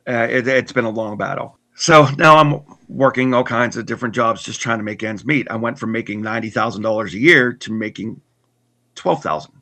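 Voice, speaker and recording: A man earnestly telling his personal story in conversation, halting with restarts and repeats. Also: mid-range voice, bright, forceful tone. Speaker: guest telling his testimony.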